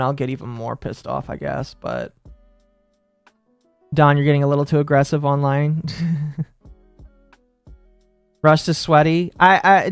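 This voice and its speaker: A man from Texas streaming live, chatting casually with his audience in a rambling, excitable way that tips into rants. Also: fairly high pitch, creaky, no room sound. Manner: rambling, excitable, quick to rant.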